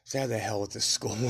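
A man's voice: medium pitch, gravelly. A man telling rambling stories about his youth in a casual podcast memoir, swearing freely and laughing at his own tales. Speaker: podcast storyteller.

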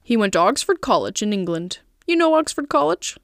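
A woman voicing a brooding, sentimental old male gangster who talks slowly and gloomily. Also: a little high, big pitch swings, no room sound, studio quality. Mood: proud.

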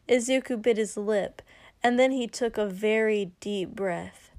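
A woman narrating a story in a steady, unhurried reading. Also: mid-range voice, dry recording. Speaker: audiobook narrator. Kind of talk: story narration read aloud.

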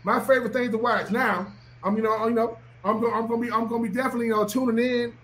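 Man, former player on a podcast, very high voice, emphatic and repetitive, faint background hum. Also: steady tone, very fast, a bit bright. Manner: emphatic, preachy, repeats himself. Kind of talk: animated podcast talk.

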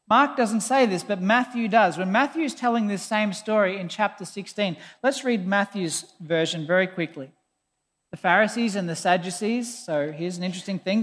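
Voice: medium pitch, a bit bright. A preacher giving a conversational, emphatic sermon, often sounding exasperated. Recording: long hall reverb.

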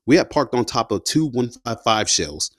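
A man's voice: medium pitch, sing-song, normal speed, fairly bright tone, dry recording, studio quality. A man, a combat veteran, telling his story in a loose, slangy way, full of "you know" and "man". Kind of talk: casual spoken storytelling.

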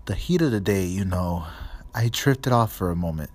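A man's voice: deep voice, animated, moderate pace, darkish tone. Man doing a dreamy, fussy old woman seer. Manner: airy, dreamy, condescending, calls people dear. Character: dreamy fussy older female divination teacher.

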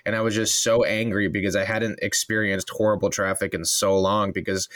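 A man telling stories in casual podcast chat, swearing freely and getting animated. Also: lowish voice, a little fast, dry recording, clean studio sound.

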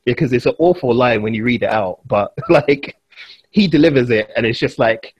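A man hosting a casual film chat, animated and laughing often. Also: medium pitch, moderate pace, breathy edge, dry recording, dull audio. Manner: animated, laughs often, quotes lines in put-on voices. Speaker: podcast host.

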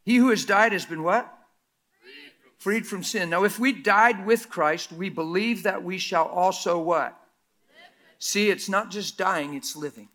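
A male pastor preaching a sermon, asking rhetorical questions and swinging between loud emphatic lines and near whispers. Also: high voice, measured pace. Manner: mocks critics in a quoted voice.

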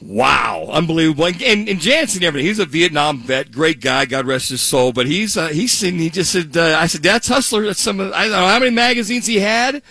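A man's voice: high-pitched, brisk, hardly any pauses, dry recording. A man co-hosting a radio talk show, telling a story casually and acting out the voices of the people in it. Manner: animated, acts out quoted voices, laughs while telling. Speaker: radio co-host.

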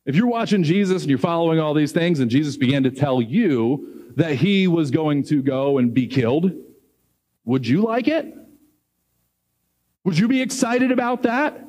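A middle-aged man preaches a sermon, a little slow but animated, acting out dialogue and rising high when he gets excited.

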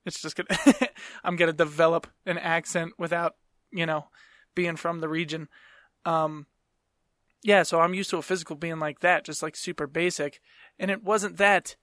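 A man's voice: a little high, steady tone, normal speed, fairly bright tone, no echo, clean studio sound. A man hosting a podcast, telling stories in a casual, rambling way, swearing freely and laughing mid-sentence. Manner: profane rambling storyteller. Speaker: podcast host. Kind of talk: casual chat.

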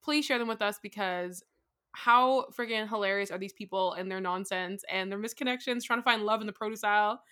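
A woman's voice: medium pitch, pushed and bright, clean tone. A young woman co-hosting a podcast, teasing her co-host and laughing in casual chat. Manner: playful teasing, quick laughter.

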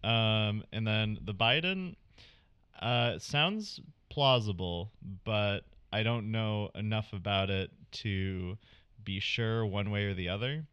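A man's voice: on the low side, slow, clear, resonant tone, no room sound, lo-fi sound. A man on a casual podcast, reasoning through game items analytically and chuckling between points. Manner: analytical, laughing often. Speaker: podcast panelist.

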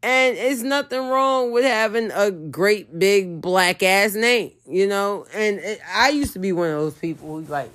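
A woman's voice: mid-range voice, a little slow, few pauses, fairly bright tone. A woman talking in a blunt, profane, emphatic casual monologue.

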